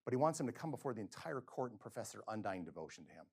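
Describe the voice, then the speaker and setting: A middle-aged male physician giving a lecture, telling stories and acting out quotes with sudden swings between loud and soft. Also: fairly low pitch, big pitch swings, rapid-fire, vocal fry, slightly rough. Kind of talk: lecture with storytelling. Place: lecture hall.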